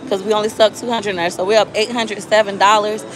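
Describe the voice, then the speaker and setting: A woman's voice: mid-range voice, little pitch movement, quick pace, background noise. A woman gambling on a live stream in a casino, coaxing the slot machine and chatting with her viewers. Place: casino floor.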